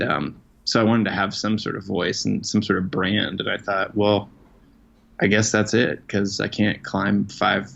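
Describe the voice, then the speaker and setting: A low-voiced man with a gravelly, flat delivery, chatting loosely as an interview guest. He pokes fun at himself and rambles through plenty of "um"s and "you know"s. The recording is a bit dull and lo-fi. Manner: self-deprecating, rambling with many fillers. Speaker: guest, outdoor writer. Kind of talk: casual conversational interview. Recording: dull lo-fi sound.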